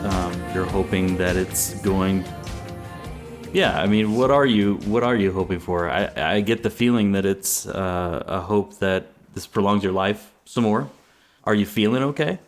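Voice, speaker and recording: A man hosting a podcast interview, gentle, with brief affirming replies. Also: low-pitched, unhurried, faint music behind. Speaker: podcast host. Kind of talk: interview conversation.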